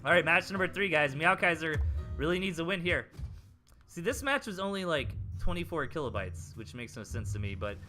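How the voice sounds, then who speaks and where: A man's voice: fairly high pitch, sing-song, brisk, sharp tone, soft background music. A young man with a Southern US accent, casting game replays in a rambling, chatty live-stream commentary full of fillers. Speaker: game caster.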